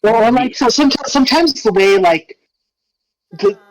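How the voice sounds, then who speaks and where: A man co-hosting a let's play, explaining things carefully in halting casual talk. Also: extremely high pitch, lively intonation, poor audio. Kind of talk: casual chat.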